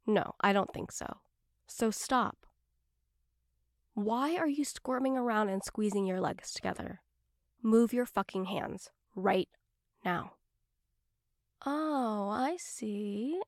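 A woman's voice: mid-range voice, creaky, darkish tone, dry recording, studio quality. A woman performing an adult audio role-play as a bossy roommate, teasing and giving orders, often dropping to a whisper.

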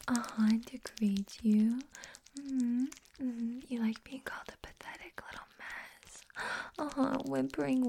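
A young woman acting a scornful, domineering roommate in a whispered role-play, talking in a mocking, contemptuous way with a husky voice. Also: a little high, darkish tone, a little hiss or hum.

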